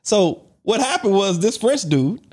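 A man co-hosting a casual podcast, telling a story with lively pitch swings and acted-out quotes. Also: a little slow, slightly rough. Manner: animated storyteller, acts out quoted voices, laughs between lines. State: on crutches. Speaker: podcast co-host.

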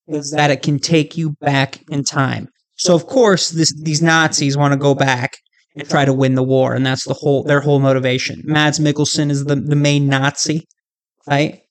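A man hosting his own podcast, chatting casually and with animation, often checking in with the listener. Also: a little high. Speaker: podcast host. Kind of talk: casual solo podcast chat.

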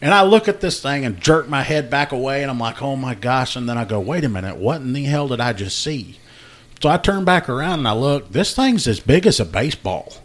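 A man's voice: mid-range voice, animated, a little fast. A man, hosting a casual podcast and telling a work story about a call-out, laughing often and acting out what people said. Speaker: podcast host, law enforcement officer.

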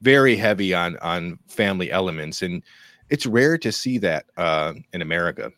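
A man in a casual film chat, talking in a halting way with stammered restarts. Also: low-pitched, animated, fairly bright tone, dry recording. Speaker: podcast co-host discussing a film.

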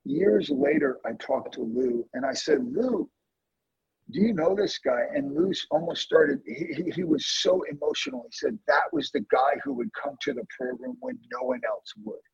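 Gravelly, husky man with a lively, rising voice; earnest testimony told to a host, dry close sound, dull lo-fi recording. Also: moderate pace, dry recording. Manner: earnest, emotional testimony with animated swings in pitch. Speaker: guest, prayer ministry leader. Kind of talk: storytelling in a conversation.

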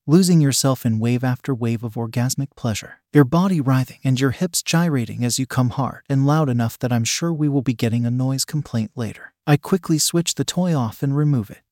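A man narrating an intimate second-person audio story, with a stern, dominant, low growling delivery. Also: a little fast, hardly any pauses, a little mellow, no room sound, clean studio sound.

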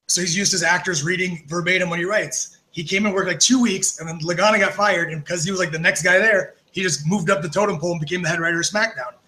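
A man's voice: high-pitched, fast, few pauses, rough recording. A man guesting on a podcast, telling backstage stories in a loose, profane way, full of fillers. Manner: animated, profane, lots of fillers. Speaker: podcast guest, former wrestler. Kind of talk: casual storytelling.

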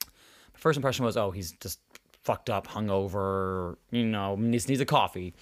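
A man's voice: fairly low pitch, moderate pace. A young man hosting a podcast, telling stories in casual chat, swearing and acting out the people he quotes. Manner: animated, swearing, acts out quotes. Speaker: podcast host.

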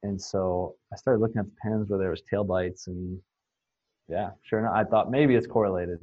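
A man's voice: on the low side, steady tone, moderate pace, no room sound, highs cut off. A man guest on a podcast, telling long anecdotes in a rambling, casual way with many fillers and restarts. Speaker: swine nutrition guest. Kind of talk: casual storytelling in a podcast interview.

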